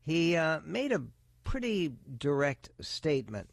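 A man hosting a talk radio show, giving opinionated political commentary in a measured, deliberate way with emphatic stresses. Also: on the high side, big pitch swings, gravelly, no room sound. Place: radio studio. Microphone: close studio microphone.

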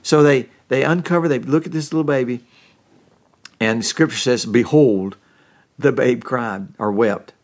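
A middle-aged man preaching a sermon in a middle-pitched voice. He tells the story in a folksy, homespun way, often restarting his sentences. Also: measured pace. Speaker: pastor.

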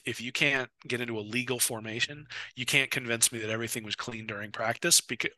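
A man co-hosting a football podcast in casual chat, long-winded and animated, often repeating words as he restarts. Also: mid-range voice. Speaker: co-host of a college football podcast. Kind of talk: casual sports talk.

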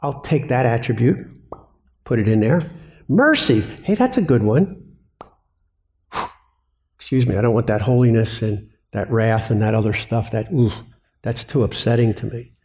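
A man's voice: medium pitch, lively intonation, normal speed, long pauses, darkish tone, lightly acted. A man voicing a fussy churchgoer who chooses only the parts of God he likes, in a squealing, mock-delighted way.

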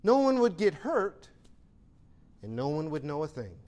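Male pastor, high voice, emphatic exhortation, rhetorical questions; sermon delivery. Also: very animated, a little slow, a little mellow.

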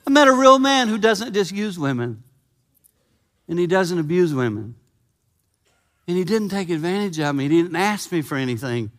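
A man preaching a sermon in a church, animated and emphatic, slowing down for his earnest points. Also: sits high. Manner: animated, building to loud emphasis, then slow and earnest. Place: church sanctuary. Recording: long reverb in church hall.

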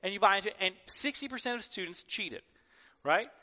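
A man preaching a sermon to his church in a lively, conversational way, acting out quoted voices. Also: high voice, a little fast. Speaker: pastor. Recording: long hall reverb.

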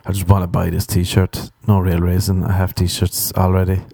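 This Los Angeles podcast host is a young man speaking alone at normal speed, his deep, creaky, husky voice dark in tone and completely flat in delivery. He swears his way through rambling stories, voicing the other people in them. The recording is dry, with clean studio sound.

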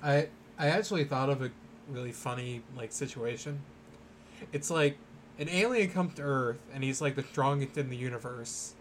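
A young man co-hosting a casual podcast, joking and playful with halting starts. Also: mid-range voice, slight background noise. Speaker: podcast co-host. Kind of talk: casual chat.

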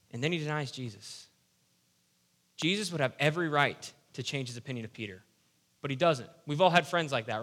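Bright-voiced young pastor preaching. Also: male voice, a little high. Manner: animated, conversational preaching with playful asides. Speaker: youth pastor. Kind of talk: sermon.

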